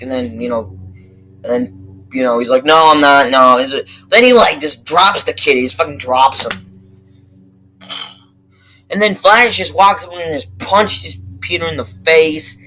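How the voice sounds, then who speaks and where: A young man giving a casual movie review, rambling and excitable, swearing constantly and restarting his sentences. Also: fairly high pitch, normal speed, a little hiss or hum, low-quality recording. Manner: profane, excitable, rambling with many fillers and restarts.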